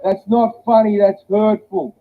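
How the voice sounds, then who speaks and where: A man's voice: high-pitched, level tone, measured pace. A man performing a blunt, profane stand-up comedy set. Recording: tinny phone-like audio with faint hiss.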